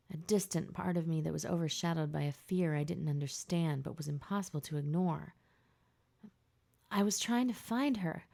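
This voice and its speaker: A woman narrating a first-person audiobook in a hushed, tense, emotional way. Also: sits low, gravelly.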